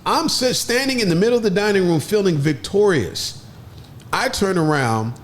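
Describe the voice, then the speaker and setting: A man telling a story in an animated way, with lively jumps in pitch as he acts out other people's voices. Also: moderate pace. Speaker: podcast guest.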